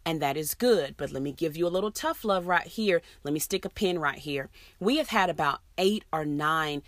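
A woman's voice: low-pitched, normal speed, dry recording. A woman, giving an earnest, emphatic motivational talk to fellow teachers. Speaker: educator addressing teachers.

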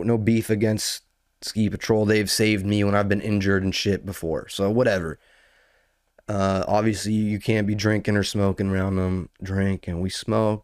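A man's voice: lowish voice, darkish tone, clear, resonant tone, dry recording, clean studio sound. A young man casually telling a rambling, profane story as a podcast host, full of slang and building into outrage.

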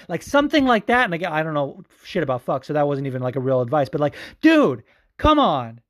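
Male podcast host, loose and profane, animated delivery, voice a touch high. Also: a little fast. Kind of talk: casual podcast commentary.

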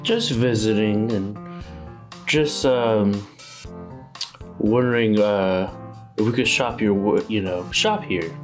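A man's voice: fairly low pitch, slow pace, long pauses, faint music behind. A man playing a tabletop game, talking casually and hesitantly. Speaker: player.

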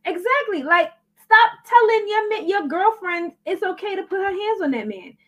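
High-pitched woman, podcast host, upbeat casual chat, keeps things moving. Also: expressive, moderate pace. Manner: upbeat, wraps up and steers the talk.

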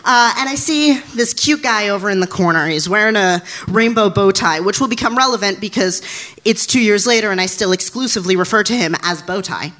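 A person in their twenties telling a funny personal story live on stage, animated and giggly, poking fun at themself. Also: mid-range voice, fairly quick. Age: 20s. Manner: animated, giggly, self-deprecating. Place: stage before a live audience.

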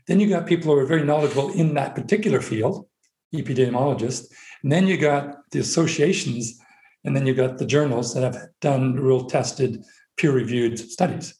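A man's voice: medium pitch, moderate pace, warm tone. Methodical man in a roomy echo. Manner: methodical, lays out points step by step. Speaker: podcast guest. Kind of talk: explanatory conversation.

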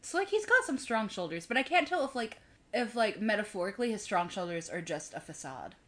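A woman from the American South co-hosts a relaxed, comedic conversation. Her voice sits in the middle range but rises and falls lively. She keeps up playful, teasing banter with her partner. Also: medium pitch, fairly quick. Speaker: co-host. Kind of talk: casual comedic chat.

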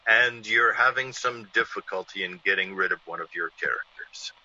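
An actor playing a suave, mysterious male intruder in an old-time radio drama, smooth and quietly mocking. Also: fairly low pitch, normal speed. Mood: calm, teasing. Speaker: uninvited visitor. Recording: dull lo-fi old radio broadcast.

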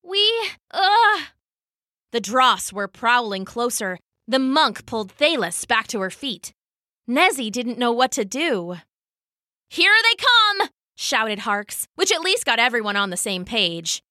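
A woman storyteller reading a children's adventure story in an expressive, animated way. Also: on the high side, measured pace, dry recording, studio quality. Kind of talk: scripted children's story narration.

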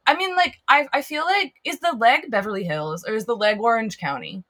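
A woman's voice: fairly high pitch, expressive, fairly quick, fairly bright tone. A young woman hosting a casual film podcast, chatty and giggly, with lots of "like" fillers. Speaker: podcast host.

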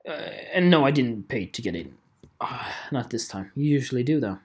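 A photographer vlogging in a casual rant, animated and profane, repeating phrases and laughing often. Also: medium pitch, normal speed, husky. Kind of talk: casual ranting vlog.

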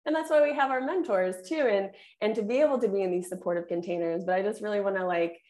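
A woman's voice: medium pitch, fast talker, darkish tone. A woman guest in a casual podcast chat who talks in a chatty, rambling way full of "like" and "you know".

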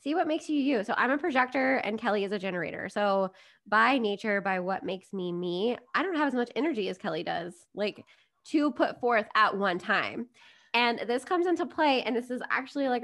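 A woman's voice: mid-range voice, expressive, moderate pace, a bit bright. A woman, a business coach chatting as a podcast guest, upbeat and digressive. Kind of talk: casual podcast conversation.

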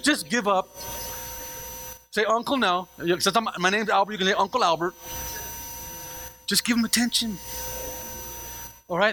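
High, lively-voiced preaching man. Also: a little hiss or hum, low-quality recording. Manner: animated preaching with call-and-response to the congregation; repeats words and restarts, playful asides. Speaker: pastor. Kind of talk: sermon.

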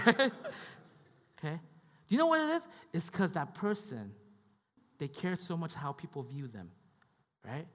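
A man's voice: fairly high pitch, big pitch swings, normal speed, long reverb tail. A man preaching a sermon in a conversational way, often repeating himself and checking in with the congregation. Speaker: pastor.

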